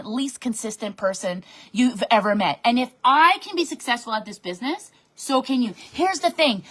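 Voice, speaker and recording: Speaking in a high-pitched voice, this woman runs a bubbly pep talk for her sales team over a live stream. She's a direct sales team leader seated at her home office desk, reading comments aloud and answering them in an animated way.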